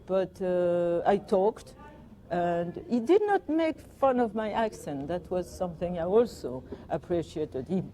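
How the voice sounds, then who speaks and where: An older woman with a French accent reminisces in an interview, telling anecdotes with gentle amusement. Her voice sits a little low and sounds soft and mellow. A faint hiss sits under the recording. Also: lively intonation, measured pace. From France. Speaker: guest, performer.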